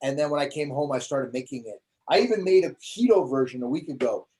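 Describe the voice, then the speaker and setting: A man's voice: medium pitch, fast, breathy edge. A man who is a comedian, telling anecdotes as a guest in a casual interview and acting out the voices of the people in them. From United States. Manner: animated storyteller, acts out voices in anecdotes.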